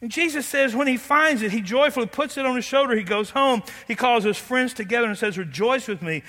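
A man preaching a sermon as pastor, animated and playful, quizzing the congregation. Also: very high voice, fairly quick. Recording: long hall reverb.

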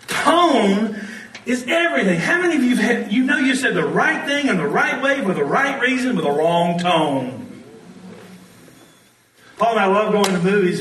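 A man preaching a sermon, telling stories in an animated way and often laughing as he talks. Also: high voice, echoey room, distant mic, slight background noise, rough recording. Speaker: pastor.

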